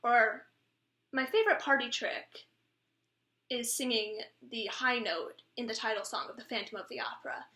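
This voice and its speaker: A woman's voice: on the high side, normal speed, bright, forceful tone, echoey room. A twenty-year-old woman, an actress, giving a blunt, self-deprecating improvised comic monologue for a self-tape. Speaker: actress auditioning. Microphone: camera mic of a self-tape.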